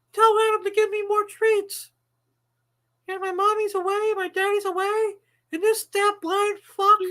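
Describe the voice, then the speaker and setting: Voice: extremely high pitch, fairly bright tone, voice pushed up. Woman voicing a whiny, greedy pet dog. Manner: complaining, foul-mouthed.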